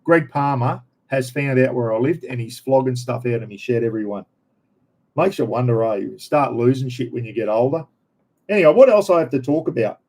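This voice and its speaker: A man's voice: mid-range voice, a little fast, darkish tone. A middle-aged man with an Australian accent, chatting casually as a vlogger in an easygoing, slangy, rambling way.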